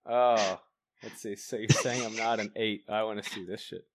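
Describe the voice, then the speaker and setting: A man's voice: fairly low pitch, fairly even intonation, brisk, a bit bright, a little hiss or hum. A man co-hosting a casual talk show, talking crudely and chuckling while he browses online content. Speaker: co-host reacting to online content. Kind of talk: casual profane chat.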